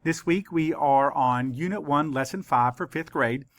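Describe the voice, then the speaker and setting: A male teacher giving a spelling lesson to children, slowly spelling out words letter by letter. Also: on the high side. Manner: slow, deliberate letter-by-letter spelling.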